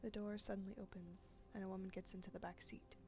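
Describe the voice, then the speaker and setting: A woman streamer reading a story game's text aloud in a casual way, adding quick reactions, with game music behind. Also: medium pitch, flat delivery, darkish tone. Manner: casual, adds quick reactions between lines. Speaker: let's play streamer.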